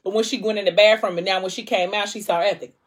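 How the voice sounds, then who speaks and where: A young adult woman talks through a story in a loose, chatty way, dropping into the characters' lines as she retells it. Her voice is husky and breathy, sitting at an ordinary middle pitch. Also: fairly even intonation, quick pace. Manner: chatty, acts out quoted lines with shifting tone. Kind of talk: casual story recap.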